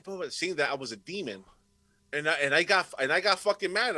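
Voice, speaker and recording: Guy on a podcast, bright tense voice, cusses a ton telling stories, dry close mic. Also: on the high side, fast talker, no echo, poor audio. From Puerto Rico heritage, raised in Rhode Island area. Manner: swears constantly, animated storytelling. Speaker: podcast guest. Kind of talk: casual chat.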